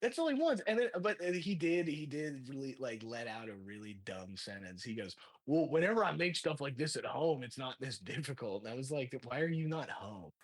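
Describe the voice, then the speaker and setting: A man, a stand-up comedian guest, telling an animated story with laughs and acted-out quotes. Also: medium pitch, brisk, hardly any pauses. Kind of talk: casual storytelling.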